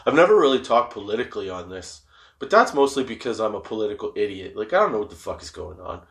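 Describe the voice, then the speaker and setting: A man's voice: on the low side, very animated, fast talker, vocal fry, a bit bright. A young man hosting a podcast, talking casually and rambling, swearing a lot and laughing often. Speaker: podcast host. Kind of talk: casual stoner monologue.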